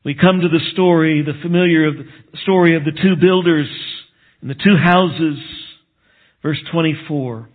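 A man preaching a sermon as a pastor, earnest and emphatic, dropping to a low hush on solemn points. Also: normal speed. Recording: tinny phone-like sound.

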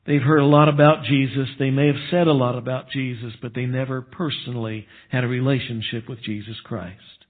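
A man preaching a sermon as a pastor, earnest and emphatic, dropping to a low hush on solemn points. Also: fairly even intonation, fairly quick, few pauses. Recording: tinny phone-like sound.

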